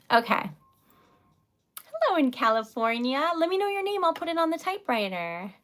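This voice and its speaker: A young woman hosting a casual livestream, chatty and giggly, sometimes dropping into soft whispers as she reads comments. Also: a little high. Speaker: livestream host selling typewritten poetry.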